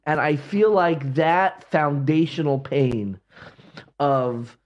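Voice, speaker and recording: A man's voice: fairly high pitch, takes it slowly. A man in a reflective conversation, telling a story with animation and often restarting his phrases.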